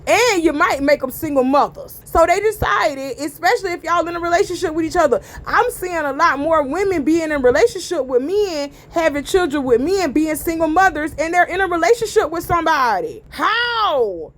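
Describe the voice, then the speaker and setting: High-voiced woman ranting bluntly. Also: lively intonation, a little fast, hardly any pauses. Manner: blunt, profane ranting with emphatic repetition. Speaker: commentary channel host. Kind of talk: casual opinion commentary.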